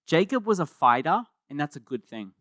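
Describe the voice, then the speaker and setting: A man preaching a sermon as pastor, in a conversational and animated way, often repeating words as he starts a thought. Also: on the high side, brisk, dry recording, studio quality.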